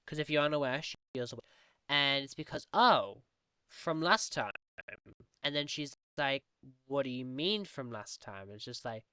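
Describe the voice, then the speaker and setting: A young woman talks loosely over her game footage, wandering from one thought to the next. She jumps up into a higher voice to quote the people she talks about. Her tone is bright and sharp, recorded dry and close. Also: clean tone, dry recording. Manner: rambling and chatty, acting out quoted dialogue in a higher voice. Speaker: Minecraft roleplay vlogger. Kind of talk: casual voiceover chat.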